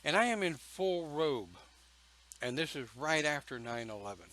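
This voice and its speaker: A man telling a personal story in a slow, folksy, emphatic way, with pauses between phrases. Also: fairly high pitch, big pitch swings, bright, forceful tone, low-quality recording. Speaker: pagan church speaker.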